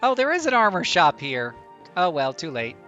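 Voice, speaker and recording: A man's voice: fairly high pitch, huge pitch swings, moderate pace, bright, forceful tone, lo-fi sound, faint music behind. A man streaming a video game and commenting casually in a joking, mock-dramatic way. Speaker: let's play streamer.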